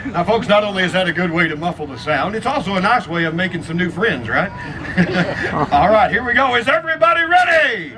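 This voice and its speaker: A man's voice: high-pitched, moderate pace. A man with a Texan accent announcing a live western comedy show, joking with the crowd in a folksy way. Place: outdoor fair stage. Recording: outdoor PA with crowd noise.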